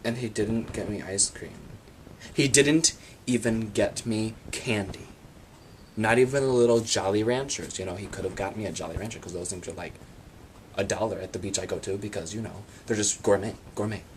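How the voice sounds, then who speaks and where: Deadpan low-voiced man vlogger. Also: normal speed, a little hiss or hum. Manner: deadpan absurd storytelling. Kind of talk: comic monologue.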